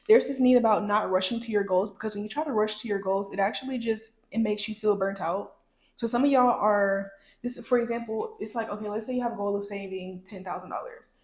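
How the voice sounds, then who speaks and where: A young woman casually chatting through a tarot card reading, talking straight to her viewers. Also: mid-range voice. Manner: chatty, talks to viewers directly. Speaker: tarot reader. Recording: echoey room.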